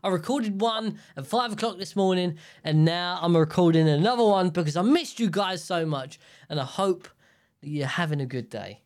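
A young man hosts a casual podcast, rambling through a story with lots of fillers, restarts and jokes. His voice sits a little high for a man. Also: animated, moderate pace, a little mellow. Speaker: podcast host. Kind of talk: casual chat.

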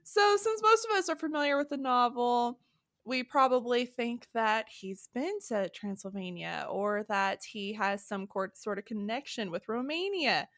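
A woman's voice: fairly high pitch, animated, measured pace, a bit bright, dry recording, studio quality. A woman guesting on a podcast, chatting casually about history and laughing at her own stumbles over words.

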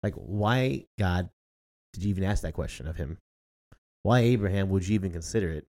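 This thirty-something podcast co-host has a low-pitched voice and a brisk delivery. The chat is relaxed and full of jokes, and he stays lively, breaking into laughter frequently.

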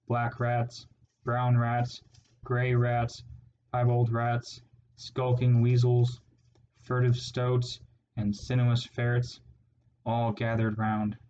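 A man reading a storybook aloud as narrator, steady and measured. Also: mid-range voice, lo-fi sound. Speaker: audiobook narrator.

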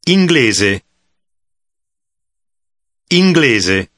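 A man modeling pronunciation for a language course, speaking very slowly and carefully, syllable by syllable. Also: medium pitch, sing-song, fairly bright tone, no echo, clean studio sound. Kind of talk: slow pronunciation drills.

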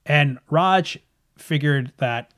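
A man's voice: a little high, slow, a bit bright. A man narrating a tabletop horror game as game master, in a casual, chatty way that trails off and restarts.

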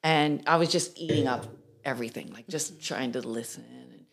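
A middle-aged woman, telling an animated story as a guest and laughing often. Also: extremely low pitch, normal speed. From Newfoundland, Canada. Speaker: guest musician. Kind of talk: casual storytelling.

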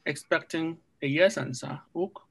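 A man's voice: a little high, a little slow, creaky, a bit bright, breathy edge, rough recording. A man joining a class online as a student, reading aloud and answering hesitantly. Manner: hesitant, unsure.

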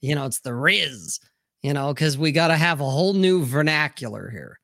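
A man's voice: a little high, lively intonation, normal speed, creaky, bright, forceful tone, no echo, clean studio sound. A man hosting a live stream panel, talking bluntly and swearing freely in a rambling, casual way. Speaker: livestream host. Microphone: streaming mic, remote call.

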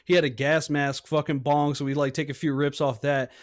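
A man telling rambling, profane stories in casual chat, slipping into shrill voices for people he quotes. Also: little pitch movement, fairly quick, no room sound, clean studio sound.

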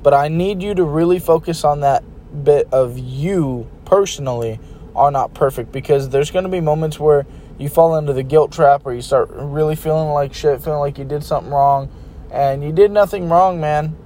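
A man's voice: a little high, normal speed, dark tone, a little hiss or hum. Blunt, casual man giving advice. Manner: blunt and informal, talks to listeners like buddies. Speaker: relationship advice vlogger. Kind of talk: casual advice talk to camera.

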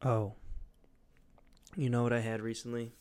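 A man's voice: mid-range voice, flat delivery, measured pace, a little mellow, clean tone, no room sound. A young man rambling casually as a podcast host, loose and goofy, with lots of fillers and swearing.

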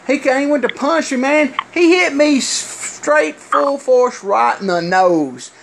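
A middle-aged man, a former wrestler telling stories in casual chat, halting and full of fillers. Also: very high voice, lively intonation, vocal fry. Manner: rambling, halting with many fillers. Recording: loud hiss with clicks.

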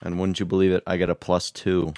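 Young man, tabletop player, very low smooth voice, dry close sound. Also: monotone, quick pace, a little mellow, dry recording. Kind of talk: casual gaming banter.

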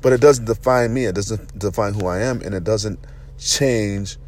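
A man's voice: fairly low pitch, moderate pace, a little mellow. A man speaking in a reflective, rambling monologue, earnest and conversational, often checking in with "you know what I'm saying".

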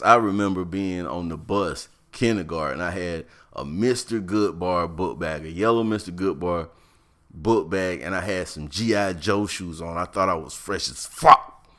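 Telling a tale from when he was a kid, this man keeps it slangy, lively, and relaxed, and he acts out everyone else using high, exaggerated voices.

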